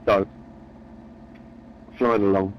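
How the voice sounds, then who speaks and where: A man's voice: fairly low pitch, flat delivery, extremely slow, muffled recording, a little hiss or hum. A man telling a long, rambling joke in a chatty, meandering way. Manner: meandering, chatty, repeats words. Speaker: storyteller.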